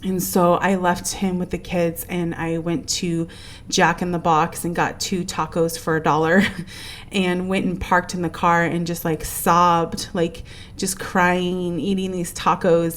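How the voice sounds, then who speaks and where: Podcast host, woman in her thirties, slightly low voice, earnest heartfelt storyteller with lots of "like" and "um". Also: little pitch movement, a little slow. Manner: earnest, emotional storytelling with many fillers. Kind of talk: casual interview chat.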